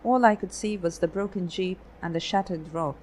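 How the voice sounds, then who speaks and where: A woman voicing a calm, guarded photographer raised in Germany, telling his past in a measured way. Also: lowish voice, slight background noise, lightly acted, poor audio. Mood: earnest. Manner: measured, explanatory storytelling.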